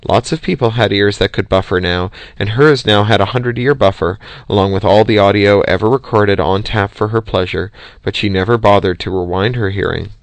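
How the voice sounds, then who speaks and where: A man reading an audiobook in a steady, measured way, close to the mic. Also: on the low side, no echo. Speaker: audiobook reader. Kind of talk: audiobook narration.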